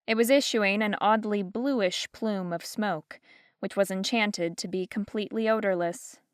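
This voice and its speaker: A woman narrating an audiobook in an even, measured storytelling manner, close to a studio microphone. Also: medium pitch, clean tone, no room sound. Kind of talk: scripted narration. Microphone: close studio mic.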